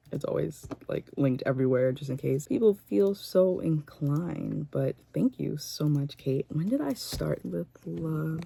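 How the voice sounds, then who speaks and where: Gravelly-voiced woman chatting casually on camera. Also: deep voice. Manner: chatty and relaxed, lots of "like" fillers. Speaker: book vlogger. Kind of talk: casual reading vlog. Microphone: phone held by hand.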